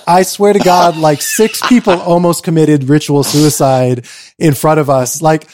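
A middle-aged man telling a lively story in a casual conversation, acting out quotes and saying "like" a lot. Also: a little slow. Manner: animated, acts out quotes in a high voice, many "like"s. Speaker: guest.

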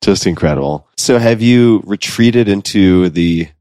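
A middle-aged man with a very low voice hosts a relaxed interview. He laughs easily and asks curious questions. His voice is recorded close and dry, with no room sound. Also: a little slow, no room sound. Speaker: host. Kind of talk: casual interview chat.

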